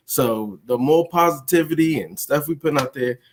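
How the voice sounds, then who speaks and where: A man's voice: a little high, moderate pace, a little hiss or hum. A man joking around as a guest on a casual gaming podcast, stumbling into restarts and laughing. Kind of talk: casual chat.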